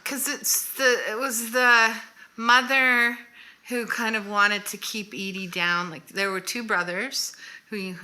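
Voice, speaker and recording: A woman co-hosting a casual makeup chat, a lively storyteller who adds details and wry asides. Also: a little high, slow pace, low-quality recording. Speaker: co-host.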